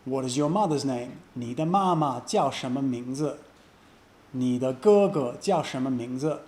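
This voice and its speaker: A man teaching a beginner language lesson, explaining slowly and repeating example phrases with care. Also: mid-range voice, animated, darkish tone. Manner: slow, careful repetition of example phrases.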